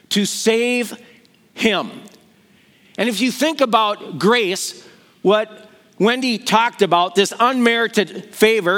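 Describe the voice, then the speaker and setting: A man's voice: sits high, a bit bright. A middle-aged man preaching a sermon, telling the stories with animation and acting out the voices he quotes. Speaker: pastor.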